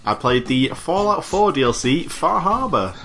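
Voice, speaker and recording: A man's voice: mid-range voice, animated, moderate pace, a bit bright, soft background music. A young man chatting casually on a podcast, giving a laid-back, rambling recap of a game he has been playing. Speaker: podcast co-host. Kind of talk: casual chat.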